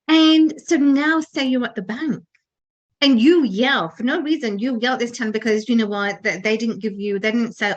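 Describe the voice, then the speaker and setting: A woman's voice: fairly high pitch, moderate pace, highs cut off. A woman co-hosting a talk show, giving an earnest motivational talk with frequent restarts and fillers. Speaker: podcast co-host.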